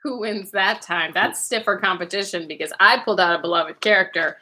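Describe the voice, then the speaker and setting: Casting: playful woman, mid-pitched voice, casual party-game banter, quick to laugh. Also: bright, forceful tone. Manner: playful, laughing, reads cards aloud.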